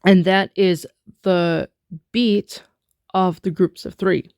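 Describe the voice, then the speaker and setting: A woman teaching a spoken rhythm lesson, chanting rhythm syllables between halting explanations. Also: fairly low pitch, steady tone, vocal fry, a little mellow, dry recording, clean studio sound. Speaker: music teacher.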